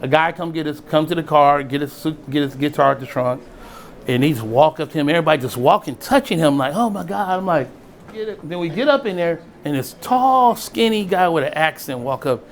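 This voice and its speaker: Animated middle-aged man telling a story. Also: a little high, brisk, a little hiss or hum. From East Oakland, California. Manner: animated, acts out quoted voices, chuckles often. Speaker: storyteller and spirits brand founder. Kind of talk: casual spoken storytelling.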